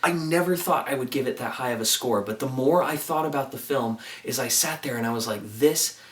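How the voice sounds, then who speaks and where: Man, casual film reviewer, earnest and eager, mid-pitched, roomy distant sound. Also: a little fast, a bit bright. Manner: earnest and enthusiastic, with frequent "like" fillers. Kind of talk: casual movie review monologue. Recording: roomy echo, distant from the mic.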